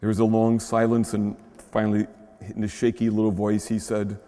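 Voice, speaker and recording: A man's voice: lowish voice, completely flat delivery, normal speed, mellow. A man with a Midwestern American accent preaching a conversational sermon, often adding a questioning "huh?" to his points. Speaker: pastor. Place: large church shrine. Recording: long reverb of a large church.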